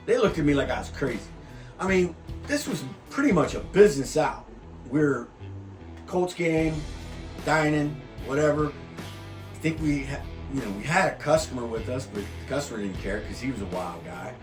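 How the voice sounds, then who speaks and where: A man spins a personal yarn in a laid-back monologue, his pitch rising and falling freely. He often sinks into a quiet, calm low voice. The room rings with echo, and soft guitar music plays underneath. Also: normal speed. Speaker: host. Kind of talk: storytelling monologue.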